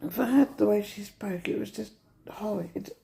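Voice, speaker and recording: Tired middle-aged woman, gravelly and dark-toned, venting to camera from a hospital bed. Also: medium pitch, moderate pace. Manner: upset, venting, retells dialogue. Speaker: vlogger. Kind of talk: casual vlog rant. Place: hospital room.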